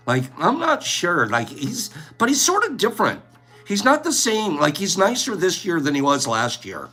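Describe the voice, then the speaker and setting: A man chatting casually on his own stream in a high, bright voice that swings widely in pitch. He takes his time and rambles playfully, laughing easily. Soft music plays faintly behind him. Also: huge pitch swings, moderate pace, husky. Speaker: host. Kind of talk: casual livestream chat.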